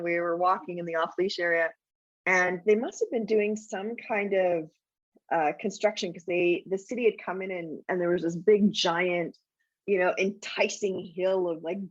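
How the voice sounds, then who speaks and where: A woman and guest author in a casual interview chat, telling stories in an animated way and laughing often. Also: fairly low pitch, normal speed, no echo, dull audio. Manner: animated, laughing anecdotal storytelling.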